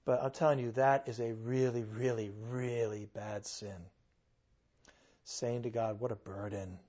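A man's voice: mid-range voice, little pitch movement, a little slow, dark tone, highs cut off. A man preaching a sermon in church, conversational and earnest, with sudden bursts of emphasis.

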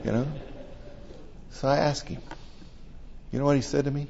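Older male preacher, chatty and emotional storyteller, mid-pitched, muffled lo-fi recording. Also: fairly even intonation, normal speed, gravelly, darkish tone, slight background noise. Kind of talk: conversational sermon.

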